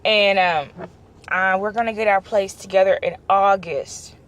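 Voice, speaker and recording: Casting: young woman, mid-pitch voice, casual animated storytelling vlog. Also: unhurried. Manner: animated, acts out quoted dialogue. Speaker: vlogger.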